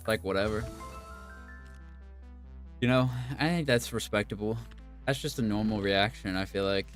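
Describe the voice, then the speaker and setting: A man with a lowish voice rambles through casual gameplay commentary, drifting from thought to thought with lots of fillers. Game music plays clearly underneath him. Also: fairly bright tone. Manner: musing, meandering, casual with frequent fillers. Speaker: gaming YouTuber. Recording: game music playing behind.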